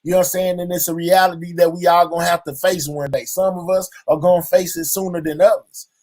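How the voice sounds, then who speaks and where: A man's voice: high-pitched, flat delivery, fast, darkish tone. A man hosting his own channel, speaking openly and reflectively to his viewers and filling his talk with constant verbal tics. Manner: drawling, fills nearly every line with "you know what I'm saying". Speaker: channel host. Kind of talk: heartfelt personal monologue to viewers.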